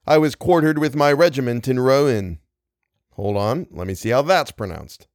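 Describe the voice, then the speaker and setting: A man's voice: medium pitch, animated, normal speed, a little mellow, dry recording, clean studio sound. A man reading old ghost stories aloud, often breaking off to joke about his own slips and grumble. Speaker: storyteller.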